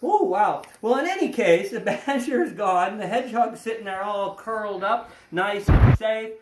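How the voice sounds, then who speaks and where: A man's voice: high-pitched, expressive, moderate pace. A man hosting an educational animal show, chatting playfully and cracking jokes as he handles the animals. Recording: roomy echo.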